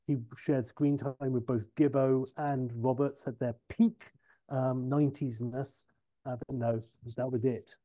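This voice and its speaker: A man's voice: medium pitch, steady tone, a little slow, dark tone. A man co-hosting a movie podcast, rambling chattily with asides. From England. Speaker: podcast co-host. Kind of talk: casual podcast chat.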